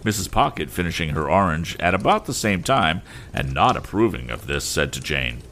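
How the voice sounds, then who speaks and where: A man narrating a classic novel as an audiobook reader, measured and expressive. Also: low-pitched, a little hiss or hum.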